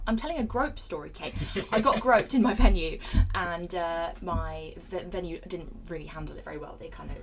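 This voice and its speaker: Fast-talking young Bristolian comedian woman. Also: lowish voice, music in the background, rough recording. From England. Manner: chatty, playful, rapid. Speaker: stand-up comedian. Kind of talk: casual chat.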